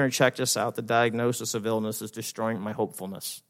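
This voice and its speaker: A man preaching a sermon in a church, animated and acting out panicked inner voices, laughing often between points. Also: lowish voice, brisk. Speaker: pastor. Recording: long reverb of a church hall.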